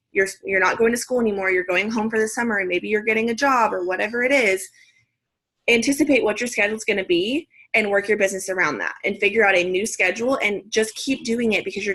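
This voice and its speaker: A young woman leading her team on a video call, speaking in a direct, energetic pep-talk manner. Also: medium pitch, breathy edge. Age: young adult. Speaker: team leader.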